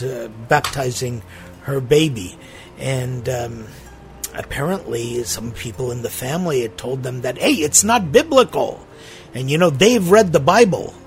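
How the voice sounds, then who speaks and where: A man who is a priest, hosting his own spiritual podcast in a playful, tongue-in-cheek, conversational way. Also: fairly high pitch.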